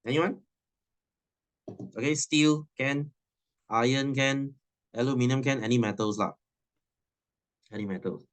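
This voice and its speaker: A man's voice: medium pitch, a little slow, pauses often. A man, teaching a science class in a chatty, teasing way and laughing often. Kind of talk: classroom lesson.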